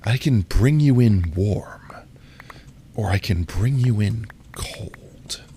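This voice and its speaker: A man putting on a stern, sultry, intimidating voice in a breathy, drawn-out whisper, as whispered role-play. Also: lowish voice, lively intonation, mellow, a little hiss or hum.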